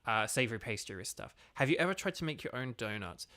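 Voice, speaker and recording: Quick, expressive and forceful, the bright mid-range voice of this young British game streamer and voice actor carries over faint background music. He's chatting casually during a gaming livestream, rambling with plenty of fillers.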